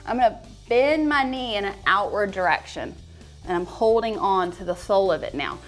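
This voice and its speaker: A woman's voice: mid-range voice, expressive, moderate pace, soft background music. A woman leading a yoga class, chatting and joking playfully as she guides the poses. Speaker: yoga instructor.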